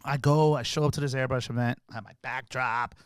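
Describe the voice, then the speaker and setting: A man's voice: mid-range voice, fairly even intonation, brisk, smooth, no room sound, clean studio sound. A middle-aged man, a podcast guest, telling stories in a casual street manner and acting out the people in them. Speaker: podcast guest, artist and photographer. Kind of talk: animated storytelling.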